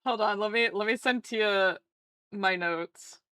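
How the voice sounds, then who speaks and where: A woman chatting casually on a live stream, bubbly and excitable, swearing freely as she greets viewers. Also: mid-range voice, a little slow, clean tone, no room sound, studio quality.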